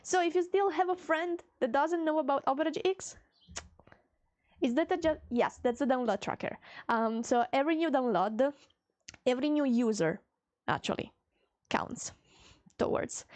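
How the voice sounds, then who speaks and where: Chatty high-voiced woman streamer. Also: darkish tone, no echo. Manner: chatty, reads chat aloud, playful. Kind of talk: casual chat with viewers.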